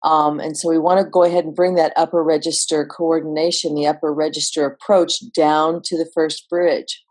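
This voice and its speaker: Low-voiced woman vocal coach. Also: moderate pace. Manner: relaxed, explanatory, with fillers. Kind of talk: instructional voice lesson.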